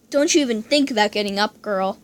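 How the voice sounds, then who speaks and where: A woman voicing a cold, menacing older male general who speaks in stern commands. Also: a little high.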